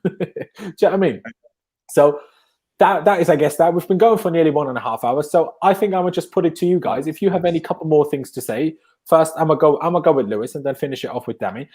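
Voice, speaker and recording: A man's voice: fairly high pitch, dark tone. A young man hosting a live-stream fan chat, enthusiastic and rambling, with frequent restarts. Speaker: host.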